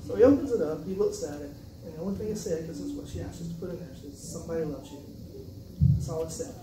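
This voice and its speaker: A man's voice: a little high, fast talker. A man from South Carolina, an author giving a casual, joking talk about his writing. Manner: casual, conversational, joking asides. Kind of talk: personal storytelling speech. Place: event venue, indoors. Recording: roomy, distant mic, noisy.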